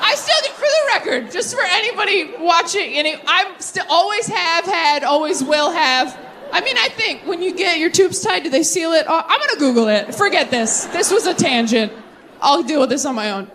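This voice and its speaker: A woman in her thirties performing a stand-up set, riffing quickly and mocking herself as she works the crowd. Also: extremely high pitch, animated. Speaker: stand-up comedian. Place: large comedy venue with a live audience. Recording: live stage recording with audience noise.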